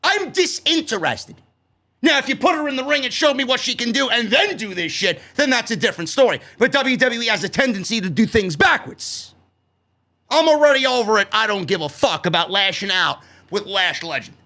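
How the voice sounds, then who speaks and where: A man with a New York accent reviewing a wrestling show in a loud, sarcastic, profane rant that breaks into shouts. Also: very high-pitched, animated, a little fast. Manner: loud, sarcastic, swears a lot, shouts often.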